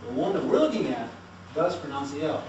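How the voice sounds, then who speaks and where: Animated male lecturer in an echoey room. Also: on the high side, brisk, highs cut off. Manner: animated, asks the class questions and has them repeat. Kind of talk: classroom language lecture. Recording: echoey room, mic far off, noisy.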